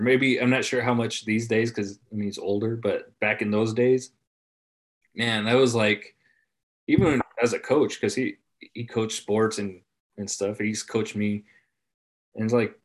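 A man in casual conversation, laid-back, swearing freely and trailing off softly at the ends of his phrases. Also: fairly low pitch, normal speed, pauses often. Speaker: podcast guest. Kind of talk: casual chat.

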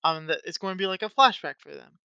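Bright, crisp woman chatting excitedly. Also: on the low side, fast, no room sound, lo-fi sound. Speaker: podcast co-host. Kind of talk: casual chat.

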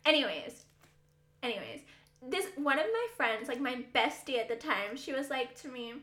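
A woman's voice: sits high, sing-song, normal speed, fairly bright tone, echoey room. A young woman co-hosting a podcast, chatting animatedly, swearing and laughing often. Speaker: podcast co-host. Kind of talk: casual chat.

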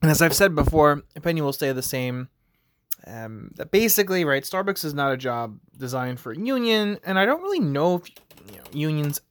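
Rambling man, slightly high voice. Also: a bit bright, no echo. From United States. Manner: rambling, heavy on fillers like "like" and "you know". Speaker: podcast host. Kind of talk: casual solo commentary.

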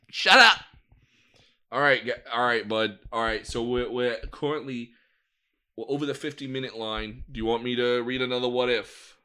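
A man's voice: medium pitch, steady tone, fairly quick, a bit bright, clear, resonant tone. A man co-hosting a casual podcast, swearing a lot and arguing his point. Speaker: podcast co-host. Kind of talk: casual chat.

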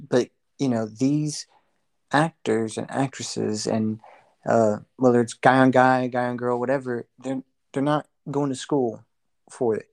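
A man's voice: mid-range voice, gravelly, a little mellow. A young man co-hosting a podcast, talking frankly in casual chat, rambling and laughing easily. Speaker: podcast co-host.

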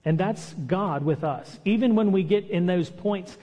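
A man's voice: sits high, unhurried, warm tone, big-room sound. A man preaching a sermon in a conversational way, acting out the lines he quotes. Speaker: pastor. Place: church hall.

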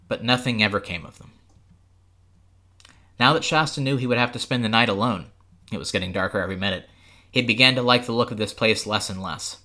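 A man reads a storybook aloud for a podcast in steady, expressive narration. His voice is low but bright and forceful. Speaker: podcast host, reader.

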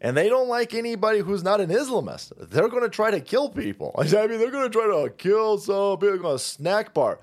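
A man's voice: high voice, very animated, a little fast, hardly any pauses. A man hosting crude political commentary, mocking and swaggering, slipping into sneering mock voices. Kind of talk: profane ranting commentary.

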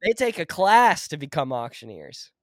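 A young man with a sick, rough voice, co-hosting a casual podcast chat and laughing and joking as he talks. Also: on the high side, sing-song, normal speed, no room sound, studio quality. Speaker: podcast co-host.

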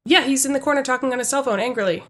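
A woman's voice: sits high, very fast. A woman running a comedy tabletop game as game master, casual and blunt with frequent hesitations. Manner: casual, hesitant with many ums, blunt and crude.

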